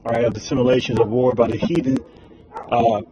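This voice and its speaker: A man's voice: mid-range voice, little pitch movement, fairly quick, very noisy. Rambling man, filler-heavy religious talk. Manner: rambling with constant fillers like all right and man. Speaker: religious commentator. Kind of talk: informal religious commentary. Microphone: phone screen recording.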